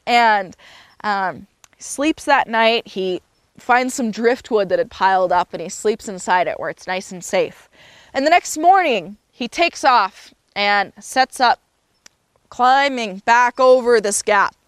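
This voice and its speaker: A woman's voice: medium pitch, animated, takes it slowly, clear, resonant tone, no echo. A woman telling a story aloud in a loose, unscripted way, with fillers and self-corrections. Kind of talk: casual spoken storytelling.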